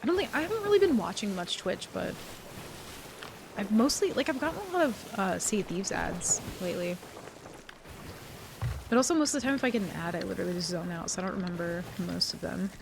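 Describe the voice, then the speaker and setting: A young woman streamer in casual live-stream chat, rambling, swearing freely and getting animated as she talks. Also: mid-range voice, a little fast, gravelly, noisy background.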